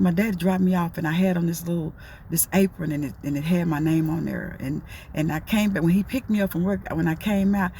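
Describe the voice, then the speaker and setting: A woman's voice: sits low, creaky, darkish tone, a little hiss or hum. A middle-aged woman giving a casual, preachy motivational talk, folksy and repetitive. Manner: folksy, preachy, repeats herself. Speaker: motivational talker.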